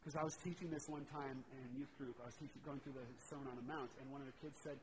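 A man's voice: mid-range voice, steady tone, fast, a loud crowd, low-quality recording. A man preaching a sermon in a conversational way, retelling a parable and briefly voicing its characters. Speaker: pastor.

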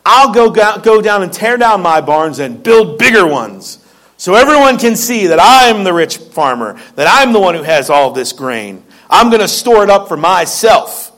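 A man's voice: sits high, sing-song, normal speed, fairly bright tone, heavily acted. A man preaching, voicing a greedy rich farmer who talks smugly to himself about his wealth. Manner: smug, muttering to himself. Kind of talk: sermon.

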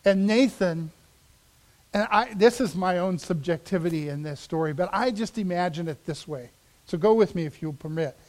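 High-voiced man preaching a sermon. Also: lively intonation, moderate pace. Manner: dramatic, drops to a hush for emphasis then rises. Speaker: pastor.

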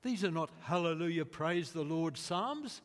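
A man preaching a sermon in a slow, deliberate way, rising to emphatic quotes. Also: on the high side, lively intonation. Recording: long reverb of a large hall.

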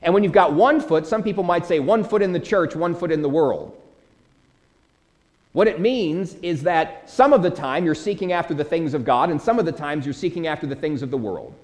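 A man's voice: fairly high pitch, lively intonation, a little fast, a little mellow. A man preaching a sermon, earnest and emphatic, explaining scripture verse by verse and answering questions he imagines his listeners asking.

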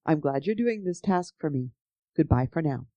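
A storyteller voicing a kind male king who speaks gently and reassuringly. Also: mid-range voice, animated, moderate pace, no echo, highs cut off, lightly acted. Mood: gentle.

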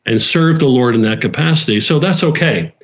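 A man at a mid pitch who leads a small church talks earnestly in a relaxed conversation. He often restarts and repeats his phrases. The recording sounds slightly dull and lo-fi. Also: fairly quick. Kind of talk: casual conversation.

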